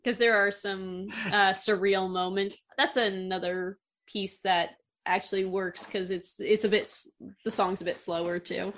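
A woman's voice: mid-range voice, fairly even intonation, unhurried, fairly bright tone. Woman chatting thoughtfully. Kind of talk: casual chat.

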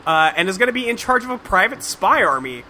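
Podcast host, male, high and bright, profane and rambling, casual chat. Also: very animated, fast talker, slight background noise. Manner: rambling, profane, lots of fillers. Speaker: podcast host recapping a cartoon.

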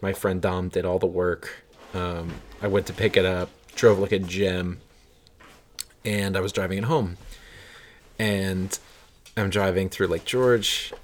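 A man tells a story in relaxed podcast chat. He gets animated and jumps higher and louder whenever he acts out the people in the story. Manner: animated storyteller, acts out quotes in raised voices. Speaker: podcast host telling a story.

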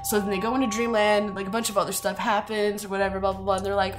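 A woman's voice: medium pitch, steady tone, fast, few pauses, over music. A young woman casually recapping a film plot, giggling, rambling and swearing freely as she goes. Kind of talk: casual chat.

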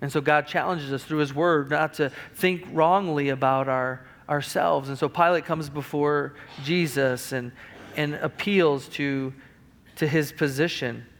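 A man's voice: fairly even intonation, measured pace, a bit bright. A man preaching a sermon as pastor, reading old-style scripture and building to emphatic, rising passages. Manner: emphatic preaching that rises in pitch and volume, with restarts; reads scripture aloud in King James wording.

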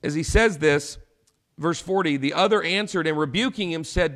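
A man's voice: fairly high pitch, normal speed, a bit bright. A man preaching a sermon, explaining scripture in a conversational way and acting out short paraphrased lines.

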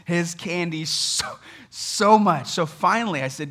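A man in his thirties, a pastor giving a sermon in an animated, conversational way, telling stories with humor. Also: a little high, moderate pace.

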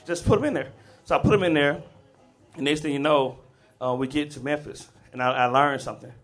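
A man from the Southern US telling a comic personal story at a live storytelling event, in an animated, chuckling, conversational way. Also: medium pitch, brisk.

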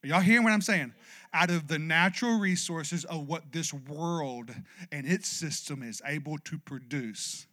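Male pastor, emphatic sermon, high and very bright voice. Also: normal speed. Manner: emphatic, calls for "amen" from the congregation; builds to loud, passionate exhortation.

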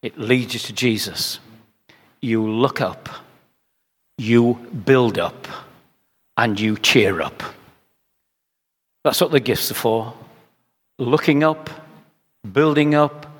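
A man's voice: mid-range voice, takes it slowly, long pauses. An older man preaching a sermon, shifting into chatty storytelling and repeating phrases for rhetorical effect. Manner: conversational storytelling with rhetorical repetition. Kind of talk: sermon with anecdotes. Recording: reverberant hall.

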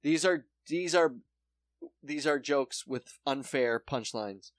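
Brief: young male co-host, chatty storyteller, mid-pitch, dead-dry studio mic. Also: takes it slowly, no echo. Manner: animated storyteller acting out quotes. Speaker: podcast co-host. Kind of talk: casual chat, retelling a true crime show.

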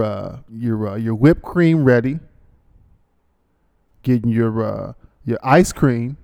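A man's voice: mid-range voice, vocal fry, a little mellow. A male podcast host, talking casually alone and rambling through a sponsor read with joking asides and many restarts. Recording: long hall reverb.

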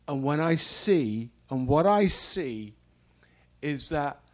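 Guy preaching real slow, bit higher voice, repeats stuff for emphasis. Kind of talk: sermon.

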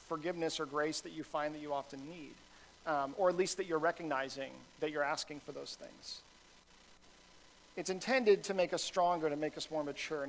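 A man's voice: on the high side, a bit bright, poor audio. Casual, rambling male pastor preaching. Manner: conversational, self-deprecating storytelling with many fillers. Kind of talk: sermon.

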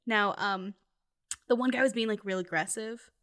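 A woman's voice: mid-range voice, normal speed, a bit bright. Chatty young woman telling a story. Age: young adult. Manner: chatty storytelling with frequent fillers and laughing asides. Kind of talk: casual chat.

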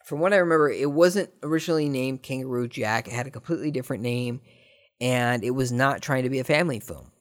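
A man from Southern California hosts a laid-back podcast and answers listener questions. His voice is plain and mid-pitched and he talks fast, rambling and cracking jokes, with occasional jumps into excited bursts.

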